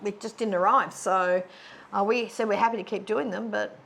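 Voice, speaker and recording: A woman co-hosting a stitching channel, chatting casually and rambling with many fillers and restarts, seated on a bed in a dark room. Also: mid-range voice, fairly even intonation, normal speed, gravelly, a little hiss or hum. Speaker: co-host of a stitching video channel. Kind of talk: casual chat. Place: dark bedroom, sitting on a bed.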